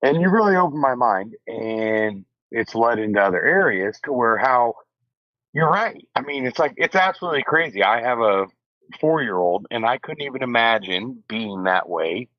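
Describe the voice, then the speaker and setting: A man's voice: medium pitch, animated, moderate pace, no echo. A male caller talking loosely and eagerly, thanking the host. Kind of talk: casual phone-in chat. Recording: dull lo-fi call-in line.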